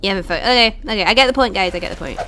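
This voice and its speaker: A woman's voice: mid-range voice, racing, background noise. A young woman, streaming a video game and chatting with her viewers, swearing and venting her frustration. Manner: swearing, talking to chat, frustrated outbursts. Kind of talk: casual live-stream commentary.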